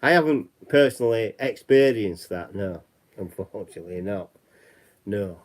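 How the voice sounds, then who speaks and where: A man's voice: lowish voice, lively intonation, moderate pace. A man with a Yorkshire accent chatting casually as a livestream host, rambling and repeating himself. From West Yorkshire, England.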